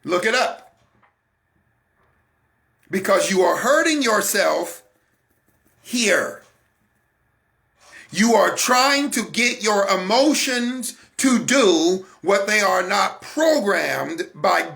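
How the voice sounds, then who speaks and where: A man hosting a faith broadcast, preaching about emotions in an animated way and talking straight to his listeners. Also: sits high, very slow, gravelly, long pauses. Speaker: host. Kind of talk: motivational faith talk.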